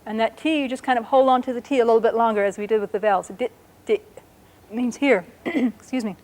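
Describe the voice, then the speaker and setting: A woman teaching a language lesson, explaining patiently and sounding out words slowly and carefully. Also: fairly high pitch, a little mellow.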